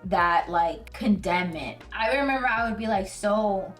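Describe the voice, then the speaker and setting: A woman's voice: medium pitch, a little slow. Woman vlogger, casual slangy Bible talk, earnest and emotional, distant mic, faint music under. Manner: animated, slangy storytelling. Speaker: Christian video host.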